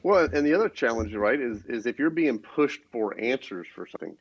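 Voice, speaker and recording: A man co-hosting a business podcast, explaining ideas in a steady, casual way. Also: medium pitch, brisk, hardly any pauses, husky, no room sound. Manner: steady, explanatory, many restarts. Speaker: podcast co-host. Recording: dull, dry lo-fi sound.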